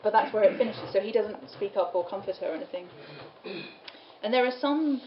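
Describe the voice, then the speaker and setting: A woman gives a relaxed lecture on medieval poems, reading lines aloud and laughing now and then. Her talk echoes around the room. The recording is a little dull, with faint room noise behind her. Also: mid-range voice, brisk. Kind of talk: study-day lecture.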